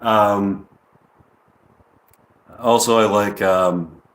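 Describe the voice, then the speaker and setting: A man's voice: on the low side, fairly even intonation, drawn-out words, a bit bright. Guy rambling thru an improv bit on a stream, lots of ums, kinda echoey room. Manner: rambling, full of ums and restarts, swears casually. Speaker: improv comedian. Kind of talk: rambling live-stream monologue.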